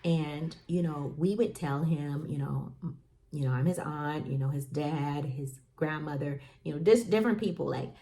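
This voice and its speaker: A woman's voice: sits low, moderate pace, warm tone. A woman hosting a parenting talk, chatting casually and telling stories with lots of fillers. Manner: chatty, storytelling with lots of fillers and acted quotes. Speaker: podcast host.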